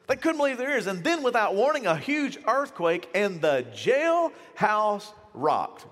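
A man in the pulpit preaching a casual, animated sermon, acting out the voices of people in his stories. His voice sits high and moves all over the place. The church hall adds a long, ringing reverb. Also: a little slow, hardly any pauses. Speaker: pastor.

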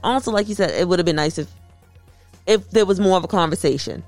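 A woman co-hosting a casual chat, talking in a chatty, animated and playful way. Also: lowish voice, fast, faint music behind.

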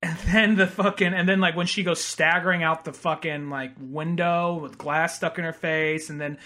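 A man chatting casually about a film, animated and profane, often laughing. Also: a little high, moderate pace.

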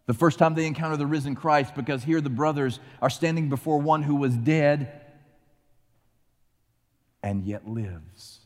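A man preaching a sermon, retelling a scripture story with lively acted-out voices. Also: on the high side, measured pace, pauses often, in a large hall. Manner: animated storytelling, acting out voices. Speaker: pastor.

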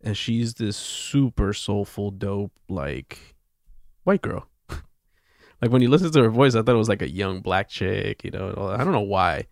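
A young man co-hosting a podcast, laid-back and quick to laugh in casual chat. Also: lowish voice, creaky, no room sound, studio quality. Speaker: podcast co-host.

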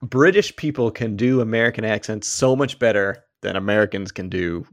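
A man's voice: on the low side, normal speed, no echo, studio quality. A man co-hosting a podcast in casual, jokey chat, laughing often. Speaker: podcast co-host.

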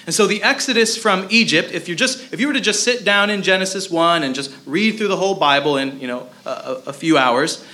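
A man's voice: sits high, fairly quick, few pauses, sharp tone. A man preaching a sermon in a conversational way, with many filler sounds as he explains a Bible passage. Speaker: pastor.

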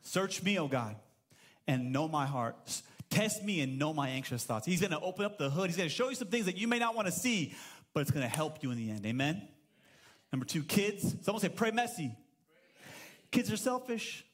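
A man's voice: a little high, lively intonation, brisk. A man in his thirties preaching a sermon as pastor at a church service, telling stories with playful acted-out voices and humor.

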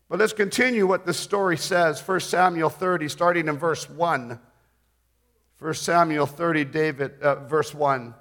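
A middle-aged man preaching a sermon, reading scripture and retelling it expressively, joking with his listeners. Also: high-pitched. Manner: expressive, rising and falling in volume, jokes with the audience.

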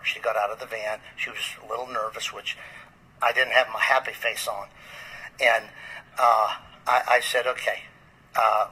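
A man who is a pastor, telling a first-person story with intensity, quoting dialogue back and forth and sometimes dropping to a hushed voice. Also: medium pitch, slightly rough, poor audio.

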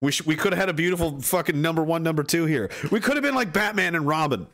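A young male streamer with a voice that swoops all over the place and sits a touch high for a man. He reads chat aloud and riffs on it, swearing freely and bursting into mock outrage. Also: animated, quick pace. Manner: crude, profane, mock-ranting with sudden high-pitched yells. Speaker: livestreamer reading chat. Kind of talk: casual livestream chat.

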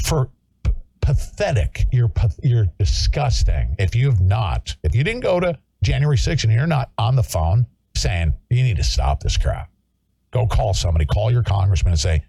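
A man's voice: fairly low pitch, creaky, dark tone, husky, no echo. A male talk show host ranting in an angry, confrontational way and hectoring his listeners. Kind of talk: political talk show rant.

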